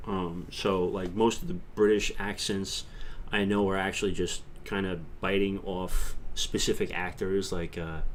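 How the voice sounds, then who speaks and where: A man's voice: deep voice, fairly even intonation, moderate pace, a little hiss or hum. A middle-aged man from New York with a New York accent, rambling casually on a livestream and talking to chat viewers by name. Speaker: livestream host.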